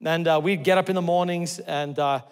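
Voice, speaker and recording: A middle-aged man from Australia, preaching a sermon. He tells stories earnestly, moving between loud exclamations and hushed, tender lines. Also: fairly high pitch, steady tone, normal speed, smooth. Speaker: pastor. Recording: long hall reverb.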